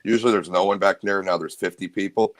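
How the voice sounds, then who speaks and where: A man chatting as a guest on a video call, laid-back and halting, with many fillers. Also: low-pitched, fairly even intonation. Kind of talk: casual chat.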